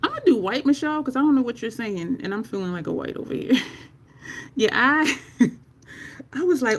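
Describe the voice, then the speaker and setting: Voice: medium pitch, big pitch swings, moderate pace, a bit bright. A makeup livestream host chatting casually with viewers while applying makeup, laughing often and cursing now and then in conversation.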